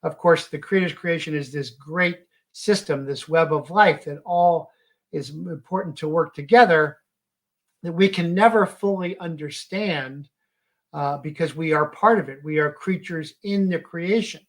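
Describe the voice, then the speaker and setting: A man giving a halting, emphatic monologue full of fillers. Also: a little high. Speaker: commentator. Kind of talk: monologue commentary.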